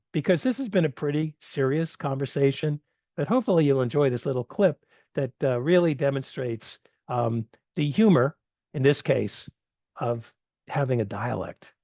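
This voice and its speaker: A man's voice: medium pitch, expressive, normal speed, darkish tone, no room sound, lo-fi sound. A man giving a conversational online presentation with some fillers. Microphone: video call.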